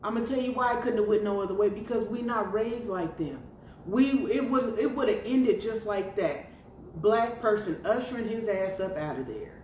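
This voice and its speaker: A woman hosting her podcast solo, talking in a sassy, profane, animated way, with lots of asides to her listeners. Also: medium pitch, moderate pace. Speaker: podcast host. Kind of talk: casual commentary monologue. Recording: roomy, distant mic with faint noise.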